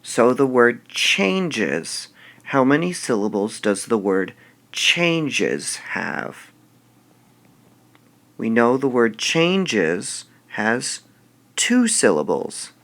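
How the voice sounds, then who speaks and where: A male teacher giving a recorded video lesson, explaining slowly and deliberately and drawing out example words. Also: mid-range voice, very animated, a bit bright.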